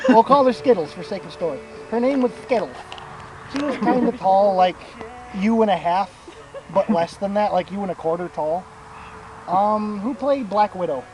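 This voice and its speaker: A man's voice: high-pitched, expressive, normal speed, crowd noise, rough recording. A young man telling a crude, rambling story to friends in a casual, profane way, laughing at his own jokes. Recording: music playing loudly behind.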